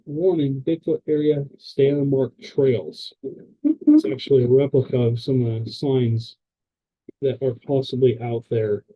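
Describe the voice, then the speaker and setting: A man's voice: mid-range voice, breathy edge, lo-fi sound. A man hosting a paranormal podcast, talking casually to his camera in a rambling, hesitant way with many fillers and restarts. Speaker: podcast host. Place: indoors at a camera.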